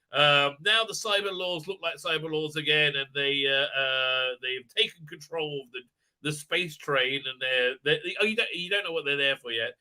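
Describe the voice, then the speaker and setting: A man with a high, bright, sharply edged voice rambles through a casual episode review. He stumbles over fillers and restarts, and his tone stays dry and sarcastic. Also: moderate pace. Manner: mocking put-on voices for characters. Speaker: video reviewer.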